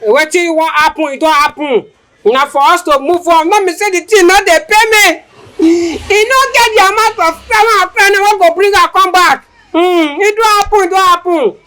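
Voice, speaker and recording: A woman's voice: very high-pitched, normal speed, a bit bright. A Nigerian woman playing a grieving widowed parent, wearily pleading with the children in Pidgin. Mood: weary. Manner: weary, pleading.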